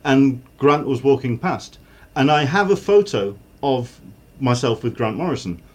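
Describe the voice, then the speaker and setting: Male co-host, mid-pitch, halting casual delivery with restarts. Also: animated. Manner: hesitant, many fillers and restarts. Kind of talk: casual chat.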